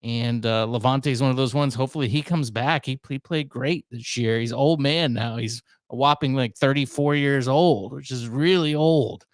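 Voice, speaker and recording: A man's voice: medium pitch, normal speed, hardly any pauses, dry recording. A man in his thirties hosting his own podcast, talking alone in a rambling, self-mocking way with a lot of asides. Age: 30s. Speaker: podcast host. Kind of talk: casual solo monologue.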